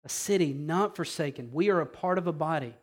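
A male pastor delivers a sermon in a casual, chatty way, mixing scripture with humorous asides. His voice rides slightly above the usual male pitch. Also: brisk. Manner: conversational preaching, asides and humor.

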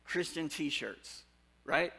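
Very slowly and in a fairly high, creaky, husky voice, this pastor delivers his sermon conversationally. He poses questions to pull the congregation in, alternating loud, lively outbursts with hushed, sincere stretches.

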